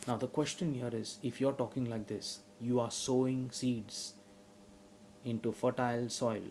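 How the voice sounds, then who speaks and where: A man preaching a sermon who asks his listeners questions and rises to loud, emphatic passages. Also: mid-range voice, fairly even intonation, unhurried, slight background noise, poor audio.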